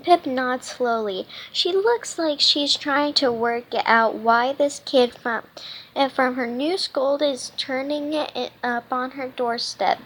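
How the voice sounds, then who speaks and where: A woman reading a children's storybook aloud, halting often and restarting her words. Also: high-pitched, fairly bright tone. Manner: halting, with frequent restarts and stumbles. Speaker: children's book reader.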